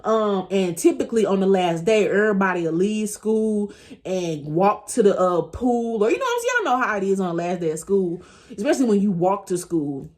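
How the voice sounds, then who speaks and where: Lively intonation and a fairly quick pace mark this woman's mid-range, slightly mellow voice. She's a vlogger in her thirties recounting a personal story casually, often talking directly to viewers and laughing as she goes.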